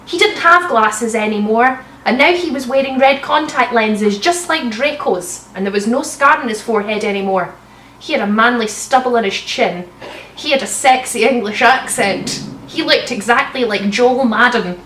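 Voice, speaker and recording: A woman's voice: on the high side, moderate pace, a bit bright, slight background noise. A young woman reading bad fanfiction aloud and breaking off for sarcastic, swearing asides. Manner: sarcastic, swears, bursts into laughter. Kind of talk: comic dramatic reading with mocking asides. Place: room at home. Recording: roomy sound, slightly distant mic.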